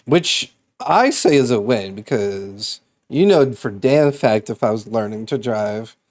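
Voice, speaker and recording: Casual streamer guy, mid-pitched, easygoing and rambling, loose with swearing. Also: expressive, unhurried, a little mellow. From Massachusetts. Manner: laid-back, rambling, swears and laughs easily. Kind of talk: casual chat with live chat.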